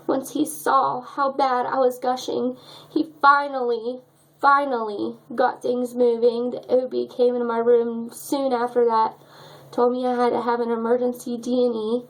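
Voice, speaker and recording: Emotional young woman with a gravelly voice. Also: a little high, monotone, measured pace, poor audio. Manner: emotional, choked up. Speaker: vlogger. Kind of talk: personal story vlog.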